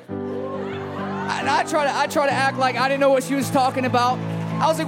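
A man's voice: extremely high pitch, animated, normal speed, long pauses. A man from Chicago preaching a sermon in a church, fervent and emphatic, calling out to the crowd. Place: church service. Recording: music playing behind. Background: music.

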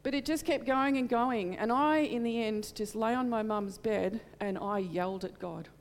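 A woman's voice: fairly high pitch, moderate pace, in a large hall, a little hiss or hum. A middle-aged woman preaching in church, telling a personal testimony in an earnest, heartfelt way. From Australia. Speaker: church speaker.

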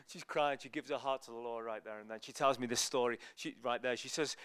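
A man giving a sermon as a guest preacher, telling lively stories and acting out the people in them. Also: mid-range voice, brisk, hardly any pauses, smooth, no room sound. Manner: animated, acts out people in his stories. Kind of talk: storytelling sermon.

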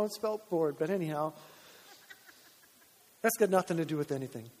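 Preaching in a reverberant church sanctuary, a pastor from Canada speaks fairly quickly in a high, darkish voice, leaving long pauses. His sermon is conversational, with humorous asides and acted-out exchanges.

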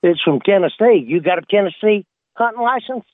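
A man on a phone line voicing a gruff, suspicious game warden who keeps calling people boy. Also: high-pitched, expressive, fairly quick, no room sound, pitched above the performer's own voice. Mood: stern. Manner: drawling, bossy, calls everyone boy.

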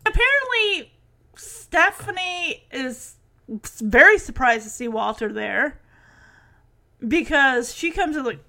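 A woman in casual chat mode, walking through a TV episode scene by scene. Her voice is high and bright. She keeps throwing in sarcastic asides. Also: expressive, slow. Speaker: TV episode recapper.

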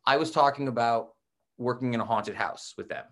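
A man co-hosting a casual podcast, with a middle-pitched, ordinary voice. He talks easily and tells stories about teaching with a self-deprecating touch. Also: normal speed, fairly bright tone.

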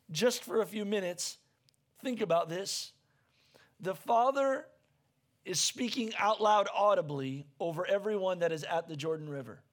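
A man preaches as pastor with a voice that sits high, earnest and conversational in tone. Words get repeated as he hunts for the right ones, and his delivery rises nearly to a shout when he's stirred.

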